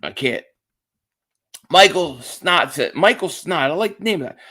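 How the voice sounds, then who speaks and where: A man's voice: sits high, expressive, normal speed, sharp tone. A man hosting a casual live stream, chatting about football and greeting viewers in the chat, repeating himself often. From Philadelphia area. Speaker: sports stream host.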